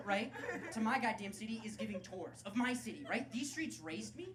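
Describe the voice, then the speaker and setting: A man's voice: high-pitched, lively intonation, normal speed. A man doing a live stand-up set, brash and crude, with sarcastic crowd work. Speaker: stand-up comedian. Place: comedy club stage. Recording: loud live club crowd and noise.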